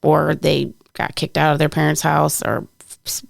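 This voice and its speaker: Podcast co-host, woman, heavy vocal fry, dry close sound, plainspoken. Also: low voice, level tone, normal speed, no echo. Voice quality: gravelly. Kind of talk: casual chat.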